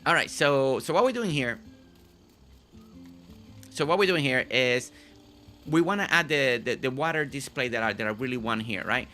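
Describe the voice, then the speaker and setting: A man's voice: medium pitch, moderate pace, pauses often, sharp tone, soft background music. A man hosting a live game stream, chatting casually with viewers, often repeating and restarting his phrases.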